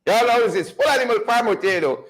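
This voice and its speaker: Loud, sarcastic man hosting commentary. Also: very high-pitched, animated, fast, low-quality recording. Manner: loud, sarcastic, laughing asides. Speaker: host. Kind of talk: mocking political commentary.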